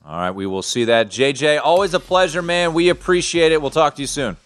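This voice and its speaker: A man's voice: fairly high pitch, expressive, brisk. A man hosting a sports betting talk show, chatting loosely and restarting his sentences often.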